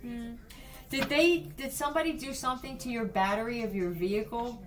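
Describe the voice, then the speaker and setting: A woman's voice: fairly high pitch, a little fast, background noise. A woman giving a blunt, profane psychic reading, talking straight to the viewer in a casual way. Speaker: psychic reader.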